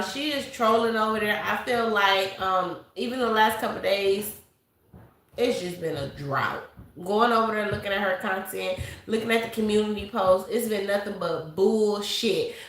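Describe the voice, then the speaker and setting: A woman's voice: mid-range voice, a bit bright. A woman hosting a casual livestream of gossip commentary, chatty and reading out viewer messages. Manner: chatty, reads super chats aloud, calls viewers baby and girl. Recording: echoey room.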